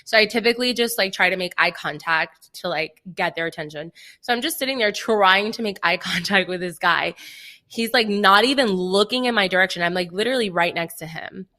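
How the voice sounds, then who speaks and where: A young woman with a bright, forceful voice tells a story on a casual podcast. She acts out what everyone said and fills her talk with "like." The delivery is animated and chatty. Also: medium pitch, brisk. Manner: animated storytelling, acting out quoted dialogue, frequent "like". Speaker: podcast co-host. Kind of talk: casual chat.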